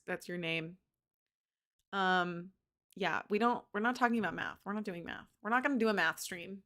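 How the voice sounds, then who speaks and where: A woman's voice: mid-range voice, expressive, moderate pace, fairly bright tone. Chatty woman reading on stream. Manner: chatty, talks back to the chat. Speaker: book reader on a live stream.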